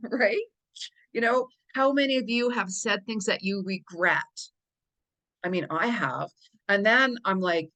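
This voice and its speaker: A woman's voice: fairly high pitch, fairly bright tone, rough recording. A middle-aged woman talking earnestly to viewers about astrology and self-care, repeating words for emphasis as a coach would. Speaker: psychic and life coach.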